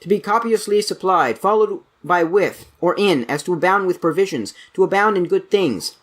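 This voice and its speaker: A man reading dictionary entries aloud at a brisk pace, stumbling now and then and correcting himself. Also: high voice, animated, a bit bright. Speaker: channel host reading aloud.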